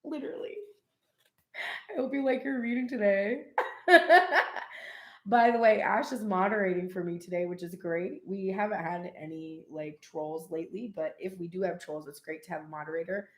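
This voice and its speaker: A woman giving a casual live tarot reading, chatty and animated, with frequent laughs and cheeky asides. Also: lowish voice, fairly quick, echoey room. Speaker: tarot reader.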